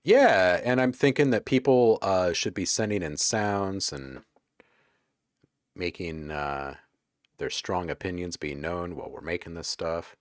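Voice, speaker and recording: A man hosting a casual livestream, chatting with viewers in a relaxed, joking way while browsing sound packs. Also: sits low, a little slow, no echo, clean studio sound. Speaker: livestream host.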